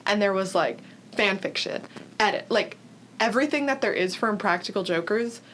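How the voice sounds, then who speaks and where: A woman's voice: medium pitch, lively intonation, moderate pace, fairly bright tone, slight background noise. Chatty young woman podcast co-host. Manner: chatty, lots of "like" fillers. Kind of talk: casual chat.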